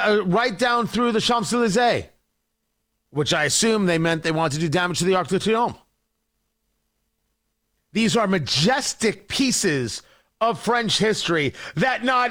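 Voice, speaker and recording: A man's voice: high voice, fairly bright tone. A man hosting a talk radio show, delivering a combative, mocking political monologue.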